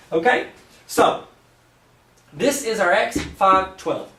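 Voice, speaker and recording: A math teacher, male, gives a jokey whiteboard lesson at a fairly quick pace, his fairly high voice jumping lively. He explains the steps in plain terms and keeps slipping in playful jokes for the viewer. The audio is roomy, captured from a distance.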